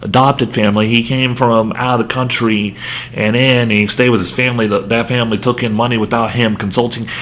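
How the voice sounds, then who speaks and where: A man's voice: mid-range voice, steady tone, a little fast, a bit bright, a little hiss or hum. A man hosting a sports talk show, ranting heatedly with a self-aware, joking edge. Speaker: podcast host. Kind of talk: sports rant.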